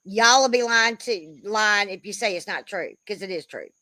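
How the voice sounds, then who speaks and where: A woman's voice: medium pitch, moderate pace, pushed and bright, no room sound. A woman in her fifties giving a blunt, profane, rambling commentary rant, often calling people "bro.". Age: 50s. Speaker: commentary creator.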